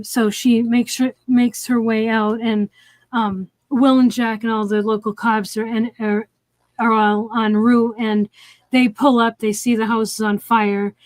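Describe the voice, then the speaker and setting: Female co-host, slightly high voice, rambling plot recap, dry close mic sound. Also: darkish tone, no room sound. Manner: rambling, lots of "like" and "um", restarts. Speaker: co-host of a movie review stream. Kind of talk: casual chat retelling a film plot.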